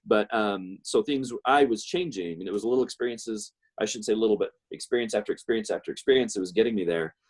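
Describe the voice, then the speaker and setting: A man's voice: fairly low pitch, quick pace, hardly any pauses, breathy edge. A middle-aged man telling a personal story in a rambling way, with many fillers and restarts. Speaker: guest speaker.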